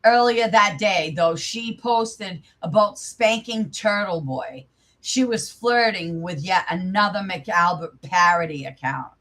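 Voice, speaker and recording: A woman's voice: on the low side, takes it slowly, a bit bright. A young woman hosting her channel, casually commenting live in an angry, profane, rambling way. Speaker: channel host.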